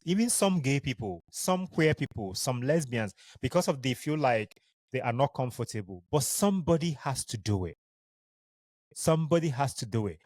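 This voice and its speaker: A man's voice: medium pitch, darkish tone, no echo. Earnest Nigerian man, dry close sound. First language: Igbo. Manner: earnest, heartfelt, speaks tenderly to listeners. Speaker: podcast host. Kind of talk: solo podcast monologue.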